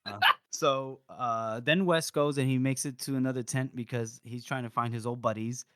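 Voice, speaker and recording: A man of mid pitch recaps a novel's chapters in a relaxed, chatty way, sliding into quick impressions of the characters. He is close to the mic, with a dry, dead sound. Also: clean tone, no echo. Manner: recaps scenes, acting out characters' lines. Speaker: podcast co-host. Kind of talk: casual book-discussion chat.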